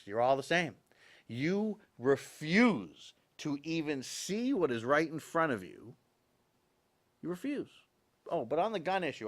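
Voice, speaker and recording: A man hosting a talk show, delivering an opinionated monologue straight to his viewers and repeating his points for emphasis. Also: medium pitch.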